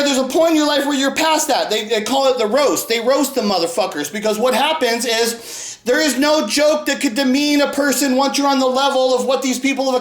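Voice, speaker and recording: Guy ranting on his channel, swears nonstop, yells a lot, echoey room. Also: very high-pitched. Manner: swings from calm talk to furious shouted cursing. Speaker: channel host. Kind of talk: profane ranting response video.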